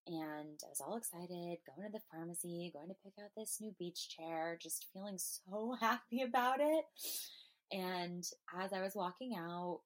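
A woman hosts her own podcast and talks at length about her feelings and experiences. She is earnest and emotional, and she wanders with frequent "um"s and restarts. Her voice sits a little low for a woman. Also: a little slow. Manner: earnest, emotional, meandering with fillers. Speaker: podcast host. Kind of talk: personal spiritual monologue.

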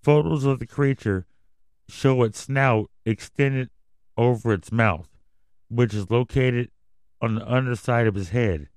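A man's voice: medium pitch, unhurried, a little mellow, no echo. A man hosting a casual news commentary podcast, reading headlines and then going off on profane, rambling rants. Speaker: podcast host.

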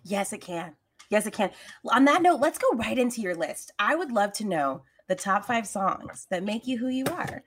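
A woman's voice: mid-range voice, very animated, moderate pace, husky. A woman, a comedian hosting a podcast, chatting casually with frequent filler words. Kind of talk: casual chat.

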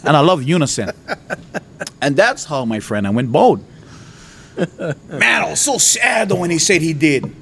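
A man from Hawaii, a preacher giving his testimony, who tells his story with lively jumps in voice and frequent laughter. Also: measured pace, creaky, long pauses, a little hiss or hum. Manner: animated storytelling, voice jumps high and loud when retelling his outbursts; laughs often. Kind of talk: testimony to an audience.

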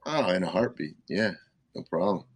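An older man, a musician guest, telling rambling stories in casual talk, full of "you know" and quick laughs. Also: sits low, animated, breathy edge, dry recording. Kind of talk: casual storytelling.

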